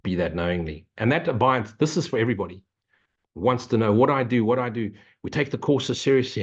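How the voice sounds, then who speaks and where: Husky blunt spiritual teacher, man. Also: mid-range voice, fairly quick, highs cut off. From Africa. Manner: blunt, swearing, mocking; repetitive, preachy. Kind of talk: non-dual Q&A talk.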